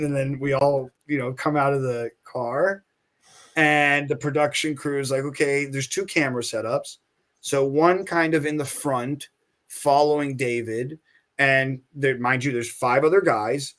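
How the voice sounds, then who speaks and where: A middle-aged man, a podcast guest and actor, telling an anecdote in a casual, animated way, acting out other people's lines as he goes. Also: medium pitch. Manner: animated, acts out quoted people, many restarts.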